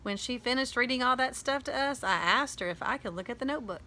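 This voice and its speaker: A woman reading a children's novel aloud, narrating in a boy's first person in a lively, conversational way. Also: on the high side, fast talker. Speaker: audiobook reader.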